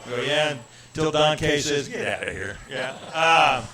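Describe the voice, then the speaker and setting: A comedian in his sixties from Indiana tells a story as a guest on a radio talk show, acting out the dialogue with animated comic flair. His voice is a little high and moves at a normal speed.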